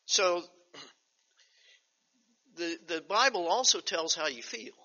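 An older man teaching a Bible study as pastor, reading scripture slowly and emphatically, then breaking into chatty asides. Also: high voice, bright, forceful tone. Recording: dull lo-fi recording.

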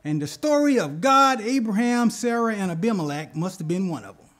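A man preaching a sermon, retelling scripture with animated bursts and asking the congregation "okay?". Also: high voice, a little fast. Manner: animated, rises loud when acting out scripture; addresses congregation with "okay?" asides. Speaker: pastor.

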